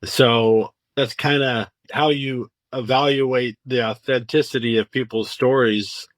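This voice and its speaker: A man's voice: mid-range voice, steady tone, a little slow, no room sound. A man being interviewed about his father, answering casually in a thoughtful, matter-of-fact way. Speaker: interviewee, son.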